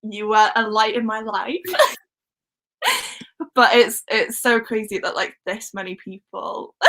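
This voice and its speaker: Giggly bright-voiced Welsh woman. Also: a little high, lively intonation, slow pace, pauses often, poor audio. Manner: giggly, chatty, reading out live comments. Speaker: book channel host. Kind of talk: casual livestream chat.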